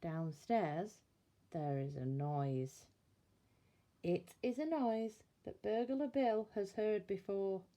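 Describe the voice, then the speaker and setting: A woman reading a bedtime story aloud in a slow, expressive storytelling manner. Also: medium pitch.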